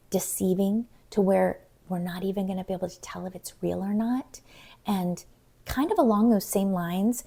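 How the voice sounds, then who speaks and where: A middle-aged woman talks casually to her viewers in a chatty, rambling way. She slips into little acted voices when she quotes texts. Her pitch sits in the middle range. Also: dark tone. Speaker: vlogger. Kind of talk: casual chat.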